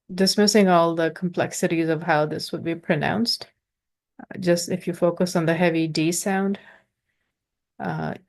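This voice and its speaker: Slow gravelly woman teaching pronunciation. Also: on the low side. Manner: patient, halting, sounds out letters. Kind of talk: informal explanatory lesson.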